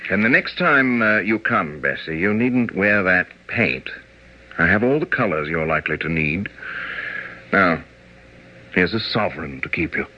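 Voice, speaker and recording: A man's voice: deep voice, animated, unhurried. An actor playing a proud, moody young male painter who talks in brusque, commanding, impulsive bursts, in old-time radio acting. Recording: dull old radio recording.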